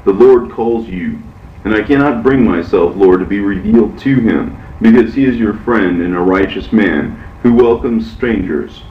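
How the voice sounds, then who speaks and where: A man reading the part of a reverent, pleading archangel in a measured, solemn way, heard from far off in an echoey space. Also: lowish voice, muffled recording, close to an everyday voice.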